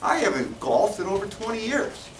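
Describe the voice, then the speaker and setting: A man's voice: sits high, very animated, moderate pace, echoey room, far from the mic, slight background noise, pitched above the performer's own voice, rough recording. A man telling a joke and voicing a scruffy homeless man who pleads and sounds incredulous.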